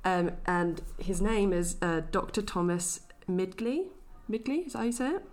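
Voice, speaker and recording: A young woman co-hosting a casual podcast, playful and quick to laugh while reading out researched facts. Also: on the low side, a little mellow. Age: young adult. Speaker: podcast co-host. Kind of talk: casual chat.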